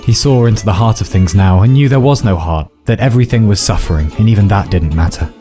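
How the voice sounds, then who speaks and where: A man's voice: lowish voice, fast, dark tone. A man narrating a scripted fantasy story in a wry, dramatic way. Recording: faint background music.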